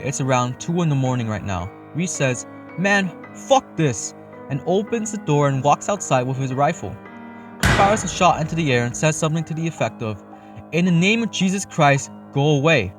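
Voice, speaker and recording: A young man narrating a first-person horror story in a casual, matter-of-fact way, swearing freely. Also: mid-range voice. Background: faint eerie background music.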